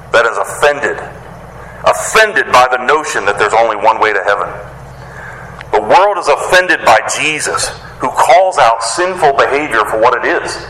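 A man with a medium-pitched, sharp voice preaches a sermon as a pastor, earnest and emphatic, driving his points home through repeated phrases. The recording has an echoey hall sound and faint noise.

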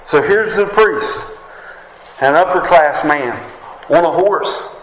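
A man's voice: on the high side, slow, a bit bright, a little hiss or hum. A man with a West Virginian accent preaching a sermon as pastor, often asking the congregation "Amen?". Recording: echoey room with faint ambience.

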